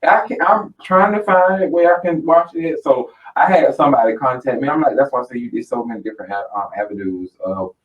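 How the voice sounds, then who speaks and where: A man's voice: mid-range voice, fairly quick, hardly any pauses. A man hosting a radio talk show in casual chat, rambling with many ums. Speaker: radio host. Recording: distant, dull lo-fi sound.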